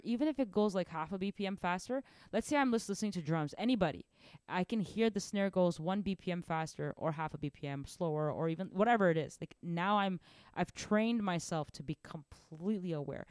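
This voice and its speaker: A young woman giving a casual drum lesson, animated and rambling, often restarting her sentences. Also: on the low side, dry recording, clean studio sound. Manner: animated, rambling, self-correcting. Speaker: drum teacher.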